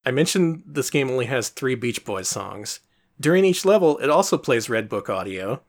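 A man's voice: mid-range voice, very animated, moderate pace. A man co-hosting a casual podcast about retro games, explaining things in a wry, chatty way and laughing often. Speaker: podcast co-host.

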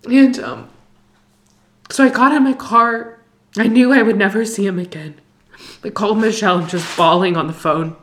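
A young woman telling an emotional personal story, halting and distressed, full of fillers and restarts. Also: mid-range voice. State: distressed, near tears.

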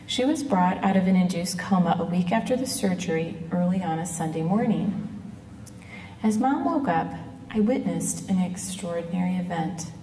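A middle-aged woman giving an earnest personal testimony, speaking in a measured way and slowing down on quoted words. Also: lowish voice, animated, dark tone. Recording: echoey hall, mic at a distance.

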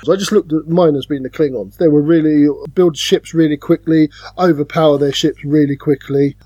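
A man's voice: fairly high pitch, fairly even intonation, fairly quick, dark tone, breathy edge, no echo, highs cut off. A British man co-hosting a podcast, chatting casually about board games and telling stories with playful put-on voices. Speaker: podcast co-host.

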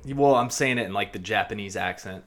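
A man with a lowish voice co-hosts a casual podcast. He talks in a relaxed, chatty way and builds eager fan theories as he goes. His wording is blunt and now and then profane. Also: fairly quick. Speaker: podcast co-host. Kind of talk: casual chat.

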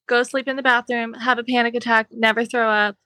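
Bright, high-voiced blunt woman. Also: flat delivery, fairly quick, no echo. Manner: blunt, straightforward. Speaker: regular podcast guest. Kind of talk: casual chat.

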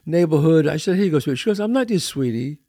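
Animated, gravelly older man host. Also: fairly high pitch, quick pace. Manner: animated storyteller, repeats words, street-wise. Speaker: podcast host. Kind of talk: casual chat.

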